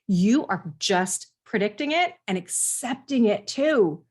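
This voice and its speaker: A woman's voice: medium pitch, expressive, slow pace. A middle-aged woman, a parenting coach, talking earnestly to parents in a conversational teaching style and sometimes acting out what parents and children say. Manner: earnest, explanatory, acts out quoted parents and kids.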